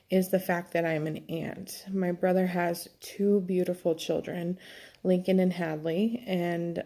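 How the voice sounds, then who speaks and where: Young woman vlogging, low mellow voice, lots of ums, kinda thinking out loud. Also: vocal fry. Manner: candid, reflective, halting with many fillers. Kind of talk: personal vlog talking to camera.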